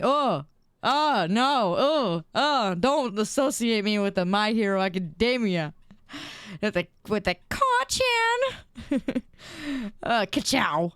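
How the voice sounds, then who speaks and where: A woman's voice: medium pitch, smooth, dry recording, clean studio sound. A young woman streamer in casual chat, reading viewer messages aloud and giggling often.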